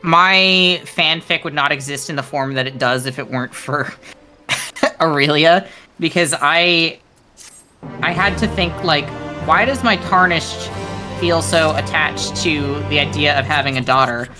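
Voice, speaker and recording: A woman chatting casually on a game stream, animated and quick to laugh. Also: sits low, faint music behind. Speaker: guest on stream. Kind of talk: casual chat.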